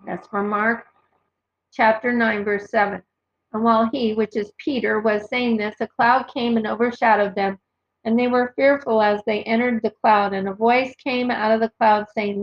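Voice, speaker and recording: A woman's voice: on the high side, fairly even intonation, moderate pace. Earnest woman reading scripture, lo-fi. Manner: earnest, reads verses aloud and cites references. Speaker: Bible teacher. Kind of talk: informal Bible teaching with scripture reading. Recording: dull lo-fi recording.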